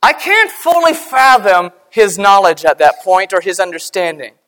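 An earnest woman delivers a sermon at a measured pace. Her pitch moves with lively rises and falls, and she sinks into quiet, lower tones to stress key points. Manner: earnest, measured, slowing and dropping quiet for emphasis. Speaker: preacher.

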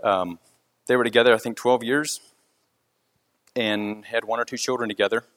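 A man's voice: mid-range voice, fairly even intonation, normal speed, fairly bright tone. Man telling a rambling work story. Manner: rambling, with frequent restarts. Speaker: concrete crew leader. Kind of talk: casual spoken storytelling.

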